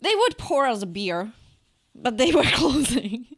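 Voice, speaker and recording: A woman co-hosting a podcast, telling a story in casual chat with a lively manner and frequent laughter. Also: sits high, unhurried. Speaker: podcast co-host.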